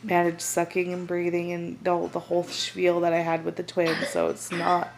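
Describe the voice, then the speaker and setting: A young woman, casually retelling a story and acting out what others said in lively voices. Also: fairly low pitch, moderate pace, creaky. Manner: animated, acts out quotes of others. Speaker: new mother. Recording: noisy home recording.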